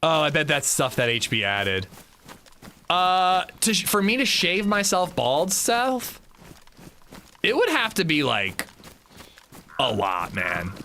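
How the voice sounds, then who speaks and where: Lively, bright-voiced male game streamer. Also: fairly high pitch, slow, long pauses, slight background noise. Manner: chatty, loose and profane, reads and answers chat. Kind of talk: casual livestream chat while gaming.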